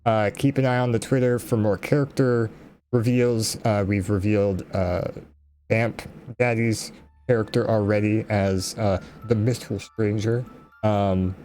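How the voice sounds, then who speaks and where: A man chatting excitedly about his upcoming tabletop campaign, rambling with restarts. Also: lowish voice. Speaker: player, game master of another show. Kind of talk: casual chat.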